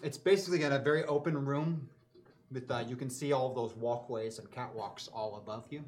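A man narrating a tabletop game as game master, relaxed and descriptive. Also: mid-range voice, a little fast.

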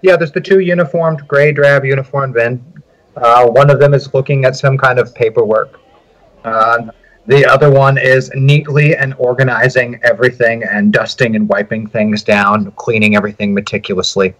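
A man narrating as game master for a tabletop role-playing game, hesitant and filling pauses with uh. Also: mid-range voice, fairly even intonation, a bit bright, low-quality recording.

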